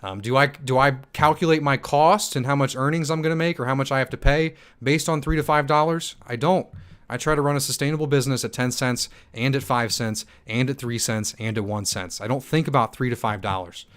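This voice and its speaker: A young man hosting a livestream Q&A, reading chat comments aloud and answering in a hyped, fast manner with many ums and restarts. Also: medium pitch, fairly bright tone, smooth. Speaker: stake pool operator and channel host.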